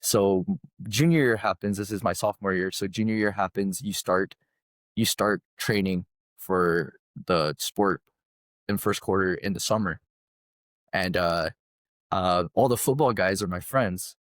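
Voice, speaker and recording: A man guest on a podcast telling a personal story in a casual, animated way, often adding "right?". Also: low-pitched, unhurried, no room sound, clean studio sound.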